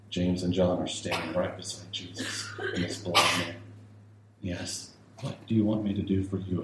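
A male pastor preaching a sermon with emphatic repetition, building to raised urgency. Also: low-pitched. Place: church sanctuary. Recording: very echoey church with faint hiss.

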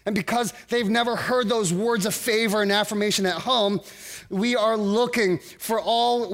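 A man preaching a sermon in a high, light voice. He speaks earnestly and haltingly, and often stops to restart his sentences. He sounds middle-aged. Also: fairly bright tone. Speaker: pastor.

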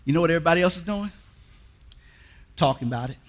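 High-voiced, emphatic male preacher. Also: lively intonation, quick pace. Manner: emphatic, repetitive, rising to shouts; folksy, colloquial. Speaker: guest preacher. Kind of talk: sermon.

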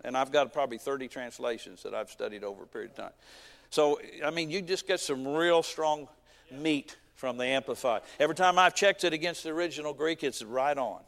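A man's voice: mid-range voice, a little fast, creaky, a bit bright, in a large hall. A man preaching a sermon in a folksy, emphatic way, full of repetition and homespun humor.

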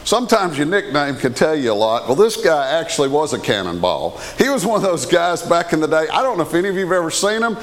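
Animated preacher in a reverberant hall. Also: male voice, on the high side, fast, few pauses. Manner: animated, conversational preaching with questions to the congregation. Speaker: pastor. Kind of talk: sermon.

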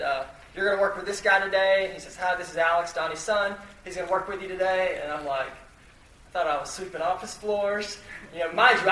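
High, bright man telling a funny story. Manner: self-deprecating, chatty, lots of fillers and restarts. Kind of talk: humorous personal story told to an audience. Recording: echoey room, mic at a distance, faint noise.

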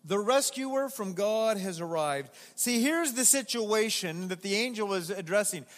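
A man with a high, bright voice delivers a sermon from the pulpit. He is animated and emphatic, drawing the congregation in with questions. The sound carries a long reverb from the large church hall. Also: measured pace. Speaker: pastor. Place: church sanctuary.

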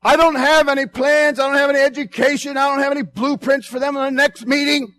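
A male preacher with a strikingly high voice delivers a sermon to his congregation. He is passionate and emphatic, ranging from loud exhortation to low, confiding asides. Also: fairly even intonation, fast.

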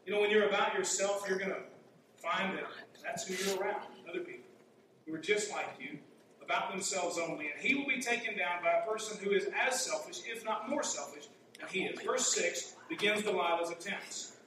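A man's voice: high-pitched, fairly quick. A man preaching a sermon in a conversational way, asking his listeners rhetorical questions. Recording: echoey hall, mic far off, faint hum.

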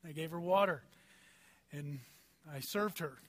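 Man, pastor, sermon, high voice, animated storytelling, rhetorical questions. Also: a little slow, no echo. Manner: conversational, personal anecdotes.

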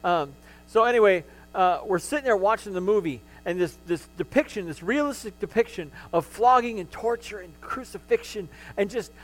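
A man's voice: high-pitched, a bit bright, low-quality recording. A middle-aged male pastor preaching a sermon, telling his personal testimony with emotion and frequent restarts.

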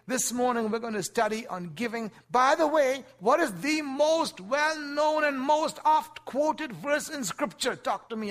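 A man preaching a sermon to a congregation, with animated delivery, acting out the voices of the people he quotes and speaking directly to his listeners. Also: mid-range voice, breathy edge. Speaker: pastor.

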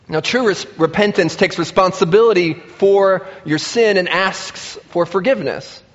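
High-voiced man preaching in a reverberant hall. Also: normal speed, hardly any pauses. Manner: animated preaching, acting out quoted voices. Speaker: pastor. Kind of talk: sermon. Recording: muffled sound with long reverb in a large hall.

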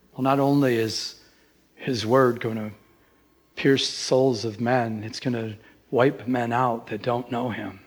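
A middle-aged man, a pastor, preaching a sermon with lively emphasis that rises in pitch. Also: slightly rough.

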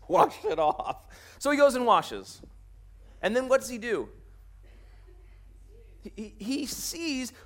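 A man's voice: high-pitched, a bit bright. A man preaching a sermon, telling the story in a jokey way and acting out the characters' lines as he goes. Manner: jokey, laughs at his own jokes. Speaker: pastor.

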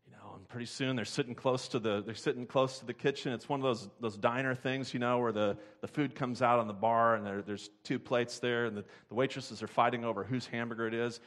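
A man preaching a sermon as a pastor, praying and telling a lively story in which he acts out the people in it. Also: mid-range voice, moderate pace. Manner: animated storyteller who acts out characters.

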